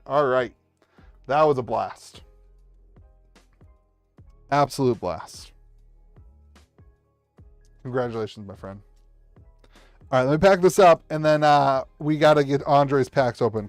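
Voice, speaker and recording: A man hosts a live stream from his home setup at a table, opening card packs for viewers and rambling with many restarted sentences. Excitable, he cheers and shouts whenever he gets big pulls. His mid-range voice is smooth, and the recording is dry.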